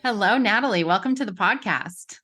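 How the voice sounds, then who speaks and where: A woman hosting a podcast interview, chatty and animated, laughing often. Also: mid-range voice, normal speed, soft background music. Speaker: podcast host.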